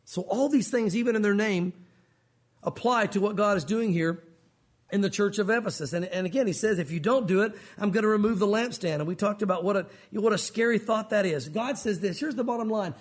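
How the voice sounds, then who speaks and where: Guy preaching a sermon, really high husky voice, earnest, keeps throwing out questions to the congregation. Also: brisk. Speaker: pastor. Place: church service.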